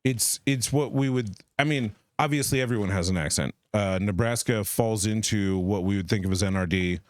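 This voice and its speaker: A man co-hosting a live stream chats casually, rambling playfully and musing aloud. His voice sits on the low side at normal speed, with no room sound.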